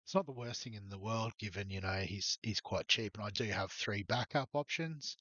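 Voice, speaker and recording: A fantasy sports YouTuber with a lowish voice and a bright, forceful tone walks through his fantasy rugby league team at a moderate pace. He has the hiccups and rambles hesitantly with lots of ums, on a muffled recording with no room sound.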